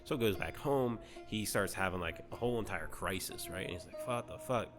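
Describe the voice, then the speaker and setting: A man's voice: low voice, lively intonation, brisk. A man telling a story comedically, in a rambling, profane, slangy way that is full of "right?". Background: guitar music.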